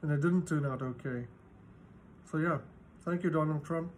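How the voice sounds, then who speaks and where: A man in his fifties, talking to camera in an exasperated, halting way as he searches for words. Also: on the high side, darkish tone, a little hiss or hum. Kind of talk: casual talk to camera.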